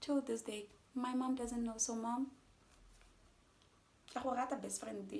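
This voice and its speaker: A young woman from South Africa telling a storytime vlog, animated and talking straight to her viewers. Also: mid-range voice, measured pace, gravelly, pauses often. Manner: animated, addresses viewers as guys. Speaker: vlogger.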